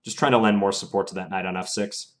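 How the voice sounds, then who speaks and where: Calm, low-voiced man commentating chess. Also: quick pace. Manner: thinking aloud, calm and analytical. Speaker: chess streamer.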